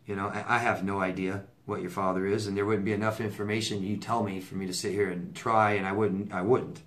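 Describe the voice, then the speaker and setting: A man's voice: lowish voice, level tone, fairly quick, a bit bright. A man working as a relationship coach, answering viewer letters in a casual advice monologue, blunt and repeating himself for emphasis with stammered restarts.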